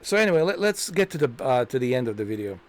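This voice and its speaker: A man's voice: medium pitch, sing-song, fast. A man hosting a commentary video, ranting in an indignant, repetitive way and hammering the same points. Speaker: commentary channel host.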